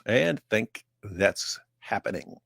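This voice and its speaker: A man's voice: lowish voice, animated, takes it slowly, gravelly, fairly bright tone, breathy edge, no room sound, studio quality. A man co-hosting a casual livestream, talking things through with restarts. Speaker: livestream co-host.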